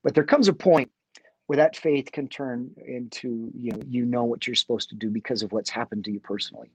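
A man's voice: medium pitch, fairly quick, husky, no room sound. A middle-aged man talks earnestly about faith as an interview guest. He stops and restarts his sentences as he thinks, in a mid-range voice. The recording is close and dry. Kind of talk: faith conversation.

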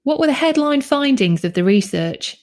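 A woman interviewer asking measured, plainly worded questions. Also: high voice, sing-song.

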